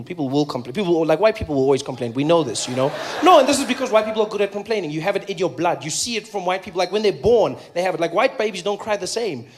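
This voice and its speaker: A man's voice: high voice, husky. A man with a South African accent doing a conversational, playful stand-up routine and acting out voices. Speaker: stand-up comedian.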